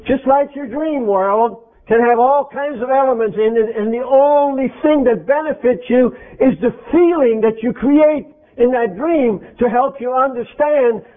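High-voiced preacher man, tinny sound. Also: a little slow. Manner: emphatic, quizzes the congregation. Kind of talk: interactive sermon. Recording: tinny phone-like lo-fi recording.

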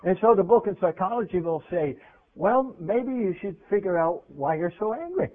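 High-voiced man preaching on tinny radio. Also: expressive, moderate pace. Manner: conversational preaching, asks the audience questions, voice swings from loud to hushed. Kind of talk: sermon. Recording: tinny phone-like radio recording.

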